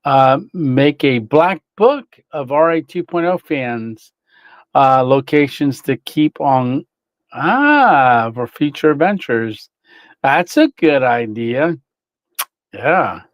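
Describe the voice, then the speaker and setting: A man's voice: medium pitch, animated, slow pace, no echo, dull audio. A man hosting a casual livestream, reading chat, greeting viewers by name and laughing often.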